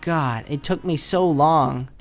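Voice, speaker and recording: A man's voice: fairly high pitch, takes it slowly, faint music behind. A man doing a casual, rambling voice-over commentary on his own gameplay, often retelling his reactions. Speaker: channel host.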